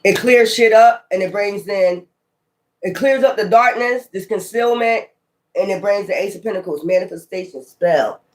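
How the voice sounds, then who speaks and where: A tarot reader talking casually while pulling cards, animated and profane, often calling the listener child. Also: medium pitch, moderate pace.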